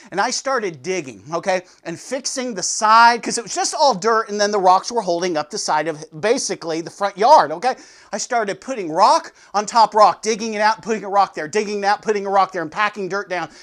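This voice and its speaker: A man giving a devotional sermon, telling a story with sudden swings between loud and soft. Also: high-pitched. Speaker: pastor.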